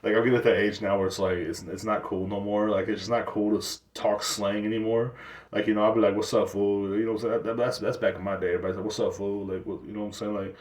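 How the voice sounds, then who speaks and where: Rapid-fire and steady in tone, this lowish-voiced show host is a man in his thirties ranting casually. He uses slangy, profane language and restarts as he rambles, and the distant mic gives a roomy sound.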